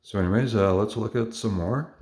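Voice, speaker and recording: Man, deep voice, casual show-and-tell, enthusiastic, rambling, frequent fillers. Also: fairly quick, darkish tone, slight background noise. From Canada. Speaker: collector showing model cars.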